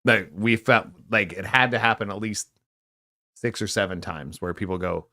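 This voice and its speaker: A man's voice: fairly low pitch, normal speed, sharp tone. A middle-aged man from California co-hosting a casual live podcast, rambling and debating with mock voices. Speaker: podcast co-host.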